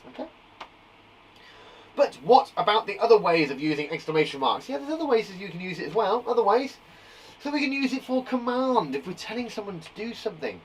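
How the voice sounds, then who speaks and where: Lively high-voiced male teacher. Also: normal speed, distant mic, rough recording. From England. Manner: animated, exclaiming examples with big jumps in loudness. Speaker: primary school teacher. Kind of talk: live online lesson for young children. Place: garden shed classroom.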